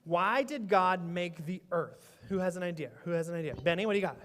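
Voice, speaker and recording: A man's voice: high voice, expressive, brisk, fairly bright tone. A man leading a playful children's sermon in church, teasing and quizzing the kids. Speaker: children's pastor. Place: church sanctuary. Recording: echoey church sanctuary.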